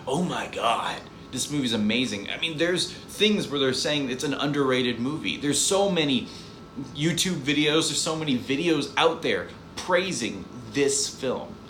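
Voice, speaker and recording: Bright-voiced, exasperated movie reviewer man. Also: fairly high pitch, lively intonation, unhurried. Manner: exasperated, rambling, repeats words. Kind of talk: casual ranting review vlog. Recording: echoey room, faint background hiss.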